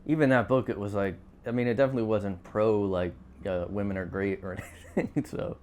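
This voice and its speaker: A man's voice: on the low side, fairly even intonation, brisk, darkish tone. A man guesting on a talk show, laid-back and hesitant with a wry edge. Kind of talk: casual chat.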